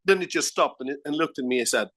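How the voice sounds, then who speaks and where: A Swedish man, a guest musician, telling animated anecdotes in a casual remote interview, restarting his sentences and laughing often. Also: fairly high pitch, quick pace. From Sweden.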